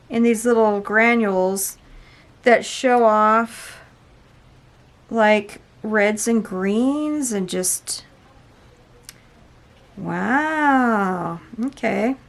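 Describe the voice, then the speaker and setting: A woman hosting an unboxing video, chatting casually and gushing with loud exclamations as she tries a paint product. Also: fairly high pitch. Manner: gushing, exclaims often and addresses viewers as "you guys". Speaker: unboxing and product review host. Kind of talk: excited casual unboxing chat.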